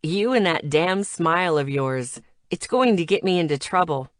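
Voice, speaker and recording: A woman's voice: fairly low pitch, animated, moderate pace, no room sound, studio quality, lightly acted. Woman reading as a weary, teasing young man.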